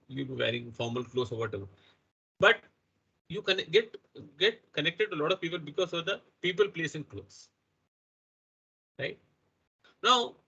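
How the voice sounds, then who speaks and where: Indian English trainer, man, middle-aged, fairly high and slightly rough voice, keeps asking "okay?". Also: sharp tone, rough recording. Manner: talks to the audience with frequent "right?" and "okay?" checks. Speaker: workshop trainer. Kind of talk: interactive workshop lecture.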